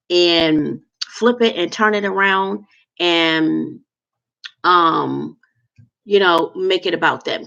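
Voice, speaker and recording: Woman livestreamer, gravelly voice, blunt unfiltered rant full of fillers, dull lo-fi sound. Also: lowish voice, a bit bright. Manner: blunt, candid, rambling with fillers.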